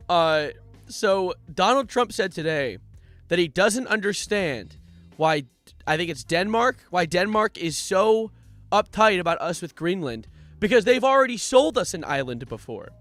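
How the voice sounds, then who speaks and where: A young man streaming live in a bright, forceful voice a little higher than most men's. He banters with chat, jokes constantly and reads donations aloud, with faint music playing under him. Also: expressive, a little slow. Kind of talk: casual livestream chat.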